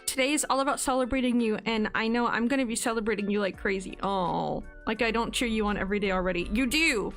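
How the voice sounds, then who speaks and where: A woman in her twenties is casually streaming and reading birthday messages aloud, giggling, laughing often and getting emotional. Her voice is on the high side and fairly bright, and she talks fast with hardly any pauses. Faint music plays in the background.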